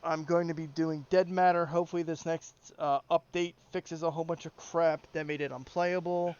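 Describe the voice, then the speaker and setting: A man's voice: fairly high pitch, little pitch movement, moderate pace, darkish tone, clean tone, dull audio. A man hosting a casual voice chat about game servers, easygoing and joking, with many fillers. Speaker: game server community founder and host.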